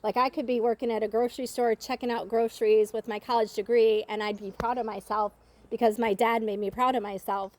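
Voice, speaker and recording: A woman's voice: on the high side, flat delivery, fairly quick, a little mellow. Earnest woman giving a family tribute. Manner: earnest, reflective storytelling with fillers. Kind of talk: heartfelt spoken tribute at a family gathering.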